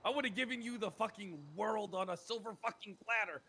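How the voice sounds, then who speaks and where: Man, high-pitched, bright, husky, indignant swearing rant. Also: fairly quick, a little hiss or hum. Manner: ranting, swearing, voice cracking with indignation. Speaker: roleplayer playing a police character. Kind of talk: heated GTA roleplay argument.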